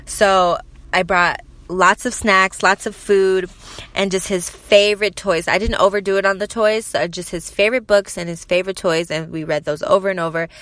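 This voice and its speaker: A young woman hosting her own podcast, chatting casually with lots of fillers and lively quoted voices. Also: mid-range voice, moderate pace. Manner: chatty, lots of fillers, animated when quoting people. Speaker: podcast host. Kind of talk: casual solo podcast chat.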